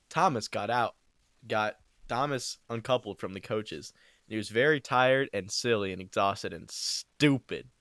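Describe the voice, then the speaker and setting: Brief: young male narrator, deadpan, rambling, crude improv, home mic. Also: on the low side, a little slow, clean tone, no room sound, studio quality. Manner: rambling, deadpan, swearing, ad-libbed. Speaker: amateur parody narrator. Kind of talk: improvised crude mock storytelling. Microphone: new home microphone.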